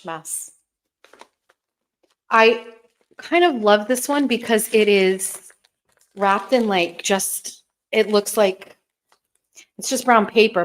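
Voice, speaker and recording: A woman in her thirties hosting a casual livestream, rambling and chatty while opening gifts, teary and close to crying. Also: medium pitch. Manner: rambling, nostalgic, chatty with fillers. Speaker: host.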